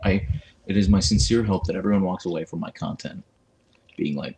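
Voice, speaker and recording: A deep, warm-toned male voice moves along briskly over slight background noise. He hosts a laid-back livestream from his phone, chatting and reading out viewer comments through a clip-on mic.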